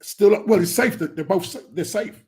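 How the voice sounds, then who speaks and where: A man hosting a football podcast, talking in a rambling, excitable way with lots of restarts. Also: high voice, normal speed. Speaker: podcast host. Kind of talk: casual football chat.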